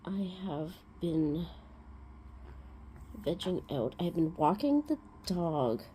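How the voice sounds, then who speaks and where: A woman's voice: fairly low pitch, big pitch swings, takes it slowly, dark tone, a little hiss or hum. A woman hosting a crafting vlog, chatting casually and rambling through everyday stories. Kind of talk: casual chat.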